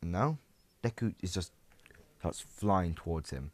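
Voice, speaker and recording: Rambling low-voiced man narrating a story. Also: expressive, no room sound. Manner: rambling, halting, many restarts and asides to viewers. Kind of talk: casual improvised story narration.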